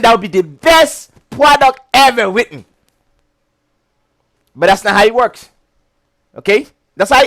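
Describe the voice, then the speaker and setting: High-voiced chatty male instructor. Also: fairly bright tone, no room sound. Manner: chatty, keeps checking "okay?", breaks into giggles. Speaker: insurance licensing instructor. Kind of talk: casual whiteboard lecture.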